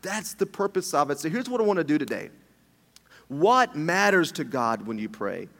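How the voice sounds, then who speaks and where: A middle-aged man preaching a sermon as pastor, animated and jokey, with many restarts. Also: fairly high pitch, normal speed, gravelly. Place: church hall. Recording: long hall reverb.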